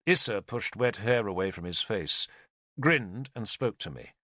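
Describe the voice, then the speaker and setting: Bright, lively male audiobook narrator. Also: lowish voice, unhurried, no echo, studio quality. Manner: expressive, lively storytelling.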